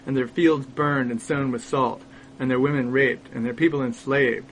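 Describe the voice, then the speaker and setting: A man narrating a scripted satirical story in a dry, deadpan way. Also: medium pitch, normal speed, slight background noise, poor audio.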